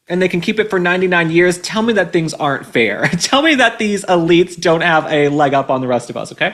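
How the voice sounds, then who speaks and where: A man's voice: high voice, animated, a little fast, few pauses, a bit bright. A man in his twenties hosting an opinionated commentary and advice show, sarcastic and emphatic, repeating his points. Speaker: host.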